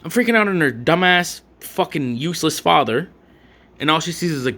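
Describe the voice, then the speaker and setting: A man's voice: a little high, expressive, normal speed, bright, forceful tone. A young adult man telling a rambling, profane storytime rant full of slang and fillers. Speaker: vlogger.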